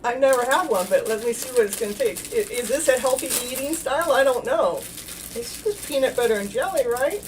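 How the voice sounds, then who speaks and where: A woman hosting a casual self-help talk show, rambling and warm-hearted, laughing often as she talks. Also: high voice, lively intonation, a little fast, recorded from a distance, a little hiss or hum, poor audio. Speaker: host.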